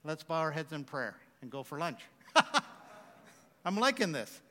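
A man's voice: on the high side, big pitch swings, a little slow, long pauses, pushed and bright. A man preaching a sermon, mixing scripture readings with joking, self-mocking asides. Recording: long hall reverb.

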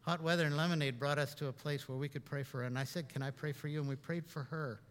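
Middle-aged Canadian pastor, high voice, conversational sermon, reverberant church hall. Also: male voice, fairly even intonation, fast. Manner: conversational preaching, rising for emphasis, often repeating himself. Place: church sanctuary.

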